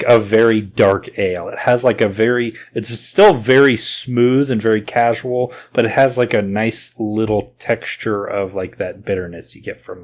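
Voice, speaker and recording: Easygoing man with an Oklahoma twang. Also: fairly low pitch. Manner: rambling, easygoing, many fillers. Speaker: podcast host. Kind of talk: casual podcast chat.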